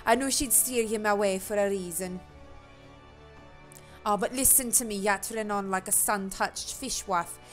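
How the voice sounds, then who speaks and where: A woman voicing a gruff, jovial tavern keeper man in a put-on old sailor brogue, with rough, drawled speech. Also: mid-range voice, normal speed, faint music behind, natural voice. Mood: hearty. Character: gruff pirate-ish tavern keeper man, hearty and boastful.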